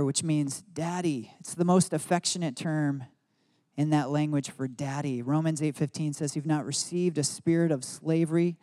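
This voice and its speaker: A man's voice: a little high, fairly even intonation, moderate pace, mellow. A married man giving an earnest devotional Bible teaching, mixing reflection with spoken prayer declarations. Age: adult, married. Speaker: preacher.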